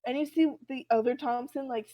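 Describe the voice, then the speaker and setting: A woman co-hosting a casual podcast, retelling a comic with animated voices for the characters. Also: high-pitched, fairly quick, low-quality recording. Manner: animated storytelling, acting out characters' lines. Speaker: podcast co-host.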